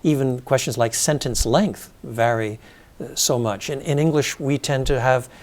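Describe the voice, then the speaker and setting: An older man answering interview questions at length, thoughtful and measured, with frequent ums and restarts as he explains. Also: medium pitch, darkish tone. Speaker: interview guest, scholar.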